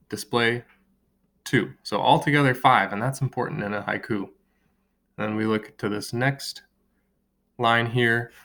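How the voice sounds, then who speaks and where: A man's voice: medium pitch, fairly bright tone, a little hiss or hum. Patient man teaching a children's lesson. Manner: slow, drawn-out word clapping and counting; friendly, patient classroom explaining. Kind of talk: recorded online lesson for children.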